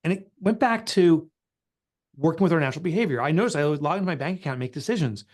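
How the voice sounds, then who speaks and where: A middle-aged male author, appearing as an interview guest, speaks quickly and with animation in a fairly high-pitched voice. He shares an emotional personal story candidly, sounding earnest and confessional.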